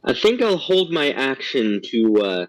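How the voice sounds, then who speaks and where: A man's voice: medium pitch, big pitch swings, measured pace, no echo, rough recording. Man player thinking aloud, dry sound. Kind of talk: casual tabletop game chat.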